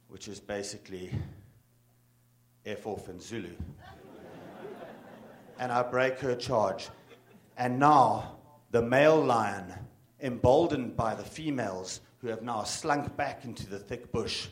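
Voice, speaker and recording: A man's voice: medium pitch, takes it slowly. A man giving a live talk as a bird guide and author, telling a dramatic story with bursts of emphasis. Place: talk in front of an audience.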